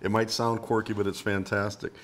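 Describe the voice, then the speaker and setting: A man's voice: on the low side, flat delivery, brisk, noisy background. A man with an Upper Midwest American accent, a guest cook explaining food in an easygoing casual chat.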